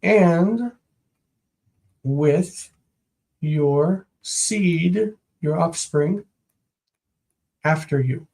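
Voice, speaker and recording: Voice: medium pitch, very slow, creaky, long pauses, a little mellow. A teacher giving a live-streamed Biblical Hebrew grammar lesson, sounding out Hebrew words and translating them, thinking aloud and repeating words while explaining.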